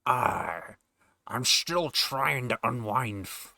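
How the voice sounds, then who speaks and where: A man doing a gruff old sailor with slurred S's. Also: mid-range voice, animated, sharp tone, no echo, exaggerated voice. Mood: hearty. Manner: slow drawl with slurred S sounds.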